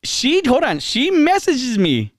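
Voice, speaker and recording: A man hosting a laid-back podcast tells a bar story with animation and takes his time, his pitch jumping up whenever he acts out what others said. The recording is close and dry, with no room echo.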